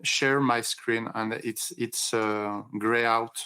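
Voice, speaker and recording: A man's voice: mid-range voice, fairly even intonation, bright, forceful tone, clear, resonant tone. A man with a French accent, a native French speaker, answering hesitantly on a video training call. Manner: hesitant, halting.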